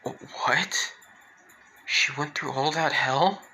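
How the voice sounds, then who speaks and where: Emotional teen girl read by a man, halting and gravelly, flat and slow. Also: medium pitch, noisy background. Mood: worried. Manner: halting, with frequent restarts. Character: emotional teenage girl, tender and easily shocked.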